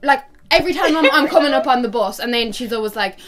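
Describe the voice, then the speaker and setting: A woman's voice: sits high, lively intonation, quick pace, crowd noise. A teenage woman with an Irish accent, chatting casually and telling stories emphatically. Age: teens. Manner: emphatic, dramatic storyteller. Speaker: guest, host's sister. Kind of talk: casual chat.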